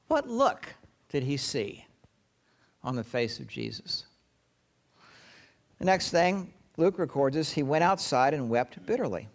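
A man preaching a sermon, telling the story dramatically and often dropping to a hushed, low tone. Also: sing-song, slow, pauses often. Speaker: pastor.

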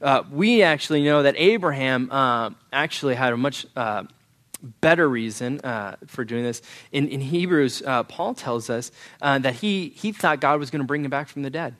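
A young adult man preaching a sermon, telling a personal story in an earnest, halting way and often clearing his throat. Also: mid-range voice, lively intonation, fairly bright tone. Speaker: pastor.

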